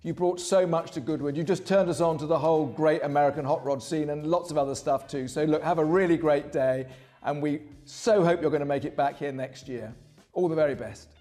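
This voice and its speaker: A man's voice: a little high, brisk, warm tone. A man sending an upbeat birthday video message. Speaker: event organizer sending greetings.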